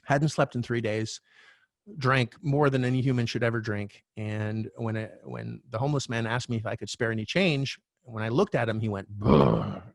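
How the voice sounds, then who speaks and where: A middle-aged man, a real estate coach, telling a candid personal story as a podcast guest, animated and swearing now and then. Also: medium pitch, normal speed, no room sound, clean studio sound. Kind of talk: storytelling interview talk.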